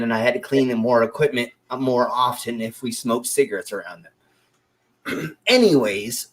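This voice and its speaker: A man in his twenties hosting a casual talk show, telling stories in a rambling way with many fillers and restarts. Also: medium pitch. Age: 20s. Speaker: show host. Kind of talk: casual storytelling chat.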